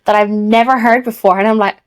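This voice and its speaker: A woman's voice: medium pitch, steady tone, brisk. An Irish woman co-hosting a podcast, chatting in a rambling way with restarts and laughs. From Ireland. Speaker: podcast co-host. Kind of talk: casual chat.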